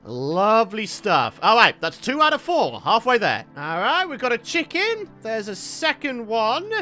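Lively, bright gaming commentator. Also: male voice, sits high, unhurried, soft background music. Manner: chatty, playful, talks to the animals. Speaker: gaming YouTuber. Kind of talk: Minecraft let's-play commentary.

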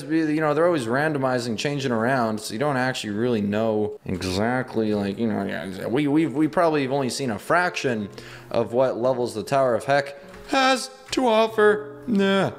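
Young guy doing gaming commentary, super bouncy voice, keeps yelping and laughing. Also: mid-range voice. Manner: excitable, yelps and laughs while playing. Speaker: gaming video host.

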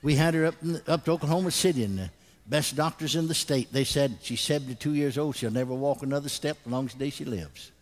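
An older man preaching a sermon, telling stories animatedly and bursting into loud acted laughter. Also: medium pitch, fast talker.

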